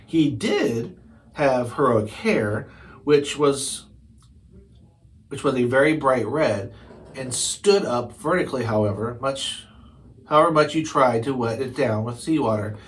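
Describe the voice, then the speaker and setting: A man reads a chapter book aloud in an ordinary middle-pitched voice. He stumbles over words here and there and goes back to correct himself as he reads. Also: expressive, measured pace, low-quality recording. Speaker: storybook reader.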